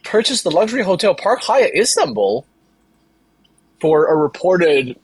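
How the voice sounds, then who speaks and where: Slow husky co-host on a radio show tossing in dry little comments, lively pitch. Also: dry recording, low-quality recording. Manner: dry, wry remarks, laughs a lot. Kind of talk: casual chat on community radio.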